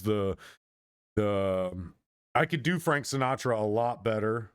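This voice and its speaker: A man in his thirties talks in a loose, wandering monologue, circling back on his own sentences. His voice sits low, and the close mic sounds dry with no room around it. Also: animated, takes it slowly, clear, resonant tone, no echo. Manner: meandering, with frequent restarts and trailing off. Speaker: streamer. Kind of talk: casual rambling monologue.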